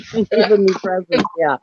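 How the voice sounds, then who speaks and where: A woman's voice: mid-range voice, background noise. A woman telling stories in a casual chat on a reseller talk show, laughing often as she talks. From grew up in a city. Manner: chatty storyteller, laughs often. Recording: dull lo-fi audio.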